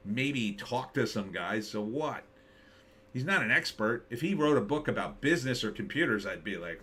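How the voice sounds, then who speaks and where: A man's voice: medium pitch, fairly bright tone. A man hosting a casual live stream, reading chat and joking sarcastically. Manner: sarcastic, jokey, mocking impressions.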